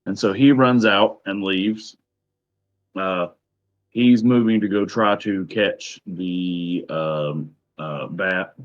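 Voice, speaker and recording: A man acts as game master for a tabletop game, narrating in an unhurried, halting way full of fillers and pauses. His voice sits on the low side. The recording itself is a little dull and lo-fi. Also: fairly even intonation. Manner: hesitant, many pauses and fillers.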